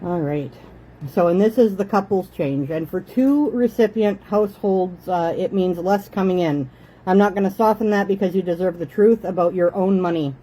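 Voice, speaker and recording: A woman in her thirties from Canada talks to her viewers from her living room in a relaxed, chatty way. Her voice is warm and mellow, and she sounds like a busy mother who keeps turning aside to tell her children to eat nicely. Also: on the low side, normal speed, slightly rough, poor audio. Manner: chatty, motherly, breaks off to scold kids. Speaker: host. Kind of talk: casual home livestream chat.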